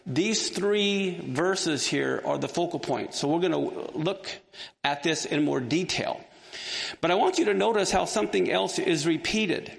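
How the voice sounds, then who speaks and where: A man's voice: a little high, measured pace, vocal fry. A man teaching a Bible lesson to a class, asking his listeners questions as he walks them through a passage. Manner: engaged, asks the class questions. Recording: long hall reverb.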